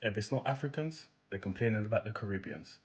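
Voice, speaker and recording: A man's voice: lowish voice, expressive, fast, a little mellow, husky. A man delivering a mocking, sarcastic social media rant in a dull lo-fi recording. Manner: sarcastic, incredulous. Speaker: commentator.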